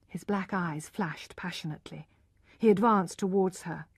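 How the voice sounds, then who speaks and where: A woman's voice: fairly low pitch, moderate pace, slightly rough, no room sound, clean studio sound. Woman narrating a learner audiobook.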